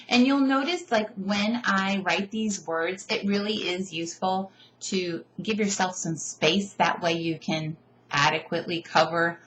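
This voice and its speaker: A woman teacher casually explaining how she teaches silent letters, chatty and animated with playful asides. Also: lowish voice, dull audio. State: tired. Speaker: teacher giving teaching tips. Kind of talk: casual instructional video.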